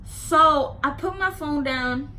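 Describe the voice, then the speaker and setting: A woman vlogger telling a casual storytime, animated and emphatic, swearing freely with lots of "like" fillers. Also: sits high, slow pace, slight background noise.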